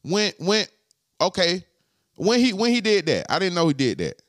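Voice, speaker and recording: A man hosting a podcast, talking to his live chat in a slangy, profane way and repeating his points slowly. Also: high voice, huge pitch swings, a bit bright, dry recording, studio quality. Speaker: podcast host. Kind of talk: casual live-stream chat.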